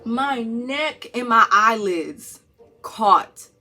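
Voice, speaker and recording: Lively young woman telling a story. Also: fairly high pitch, very slow. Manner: animated storytelling, acting out voices. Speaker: vlogger. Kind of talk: storytime vlog.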